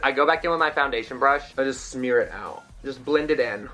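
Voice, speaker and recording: A young man talks through his makeup routine in a casual, self-mocking way. His voice sounds bright and forward. Soft music plays quietly behind him. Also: medium pitch, a little fast. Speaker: vlogger. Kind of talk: makeup tutorial chat.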